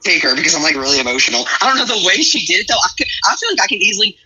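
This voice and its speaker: Man, casual commentary, blunt, rambling, rapid delivery, sharp tone. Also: sits high, big pitch swings, rough recording.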